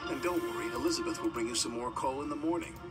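A man's voice: mid-range voice, fast, far from the mic, over loud music, natural voice. A man voicing a kindly male engine driver in a storybook, reassuring and chuckling.

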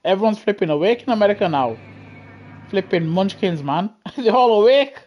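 A man with a British accent giving chatty, excitable live commentary on a racing game over a headset mic, laughing often and grumbling in mock outrage. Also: high voice, normal speed, slight background noise. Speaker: gaming streamer. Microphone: gaming headset.

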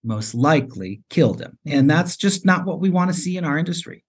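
A man's voice: on the high side, lively intonation, brisk, slightly rough. A middle-aged man, a managing broker, speaking earnestly and reflectively in an interview. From Colorado. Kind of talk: conversational interview.

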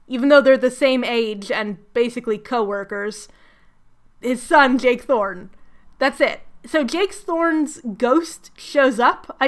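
A young woman with a high voice doing a comedic book recap. She is sarcastic and animated, often laughing at herself. She talks like a video essayist. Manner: sarcastic, animated, self-mocking. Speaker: book reviewer.

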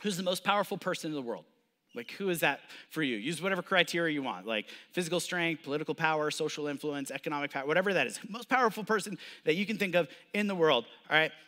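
Bright-voiced male pastor preaching in a hall. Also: a little high, expressive, fast talker. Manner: conversational preaching, builds up with emphatic repetition. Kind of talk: sermon. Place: church sanctuary.

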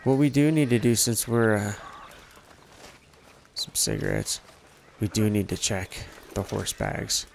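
A man's voice: on the low side, unhurried, vocal fry, pauses often, slight background noise. A man giving casual gameplay commentary, laid-back and profane, muttering to himself. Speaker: gamer.

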